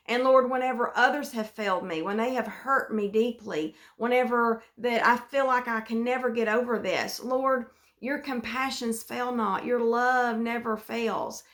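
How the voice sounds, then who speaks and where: A woman's voice: on the high side, measured pace. A woman giving an earnest devotional Bible teaching, often repeating phrases and restarting her sentences. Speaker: devotional speaker.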